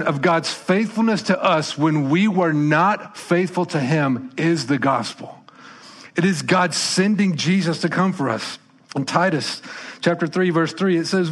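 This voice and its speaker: A man preaching a sermon as pastor, conversational and emphatic, swinging between loud punches and soft, quiet lines. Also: on the high side, a little slow.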